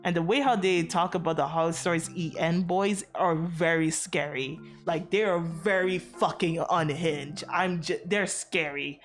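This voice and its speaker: A woman's voice: lowish voice, a little slow, few pauses, soft background music. A woman streamer chatting casually to her viewers, rambling with many fillers and frequent swearing, from outside America. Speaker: VTuber streamer.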